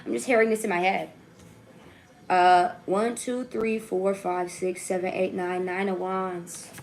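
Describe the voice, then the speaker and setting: A woman's voice: lowish voice, little pitch movement, a little slow, a little hiss or hum. Young woman, tarot reader, casual reading, playful, swears, chatty, keeps asking "right?". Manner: chatty and playful, swears, jokes and laughs at herself; repeats "okay?" and "right?" to check in with viewers.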